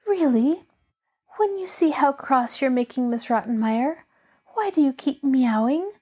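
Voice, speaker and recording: Woman doing a gentle, coaxing young girl. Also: high voice, lively intonation, measured pace, husky, pitched above the performer's own voice, exaggerated voice. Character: gentle invalid girl, reasoning and kind.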